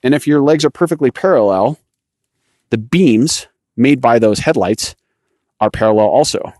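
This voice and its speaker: Hosting a cycling coaching podcast, a man with a medium-pitched, slightly mellow voice explains technique in an animated way at normal speed. His instructional monologue is loose and self-correcting, delivered while walking a rocky trail outdoors, in a dry recording.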